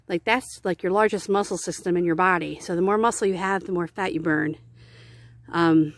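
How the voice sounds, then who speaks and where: A woman's voice: medium pitch, no echo. Rambling, candid woman vlogging outdoors. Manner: rambling, candid, swears casually. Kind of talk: casual chat to camera. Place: outdoors on woodland trail stairs.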